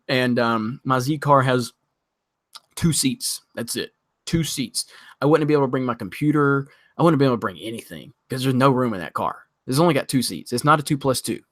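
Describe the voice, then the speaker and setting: A man hosting a casual livestream, reading chat and ranting excitably, swearing freely as he talks. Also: mid-range voice, no room sound, clean studio sound.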